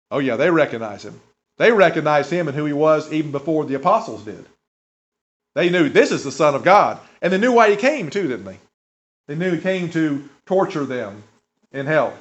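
A man preaching a sermon in a conversational way, asking the listeners rhetorical questions. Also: a little high. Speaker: pastor. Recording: dull lo-fi recording.

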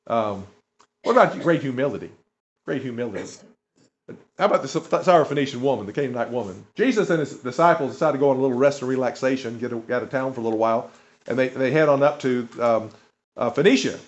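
A man's voice: mid-range voice, fast talker. A man preaching a sermon, retelling stories with emphasis, chuckles and asides to the audience. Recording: dull lo-fi recording.

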